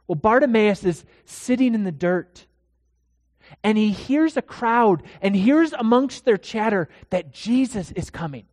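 A pastor delivering a dramatic sermon in a church, swinging from hushed to loud. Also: mid-range voice, lively intonation, measured pace, dry recording, studio quality, long reverb tail.

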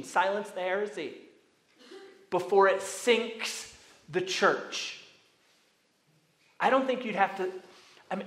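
Emphatic high-voiced preacher in an echoey hall. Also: male voice. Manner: emphatic, swings between hushed asides and loud commands. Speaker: pastor. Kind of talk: sermon.

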